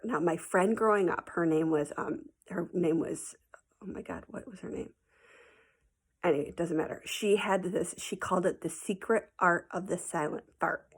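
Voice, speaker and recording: A woman's voice: lowish voice, normal speed, slightly rough. A woman teacher telling her students a playful story in a chatty, casual recorded message, sometimes dropping into a whisper.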